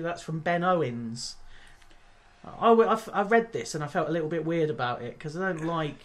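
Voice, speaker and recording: A man's voice: fairly high pitch, animated, moderate pace, a bit bright. A man co-hosting a casual podcast chat, rambling and hesitant with many ums, wry and given to swearing. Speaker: podcast co-host.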